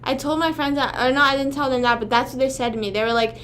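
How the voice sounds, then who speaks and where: A woman's voice: high-pitched, quick pace, fairly bright tone, slight background noise. Chatty young woman streamer, swearing. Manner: rambling, swears often, talks to chat. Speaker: livestream host. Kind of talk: casual livestream chat.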